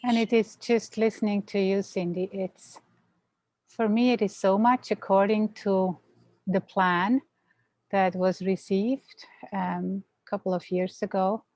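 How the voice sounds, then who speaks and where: A woman's voice: mid-range voice, little pitch movement, a little slow, darkish tone, no room sound. A woman as a guest on a live stream, talking earnestly about a meditation practice. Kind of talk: casual chat.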